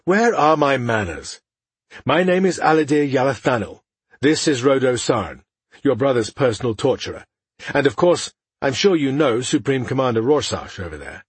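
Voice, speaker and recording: A man's voice: mid-range voice, lively intonation, normal speed, breathy edge, dry recording. A man doing a smug, mocking elf lord. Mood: mocking, courteous. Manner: courteous with a mocking edge. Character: smug, confident male elf leader, mocking.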